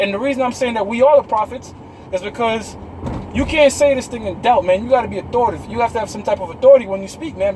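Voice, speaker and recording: A man's voice: extremely high pitch, darkish tone, slight background noise, poor audio. A man hosting a live online show, preaching about prophecy in an emphatic, authoritative rant, often tagging sentences with "man" and "all right" and swearing freely.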